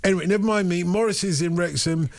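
A man's voice: sits high, fast, no echo, clean studio sound. A man hosting a radio phone-in, chatting in a casual, digressive and self-deprecating way.

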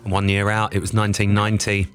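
A man's voice: fairly low pitch, monotone, quick pace, a bit bright, faint music behind. A man hosting a radio quiz in a bubbly, affectionate way, calling contestants babe.

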